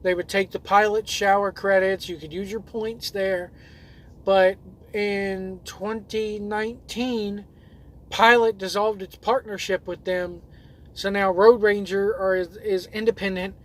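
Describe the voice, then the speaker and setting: A man's voice: sits high, flat delivery, unhurried. A man who drives trucks and hosts his own videos, reading viewer comments aloud in a loose, rambling way with lots of fillers and restarts.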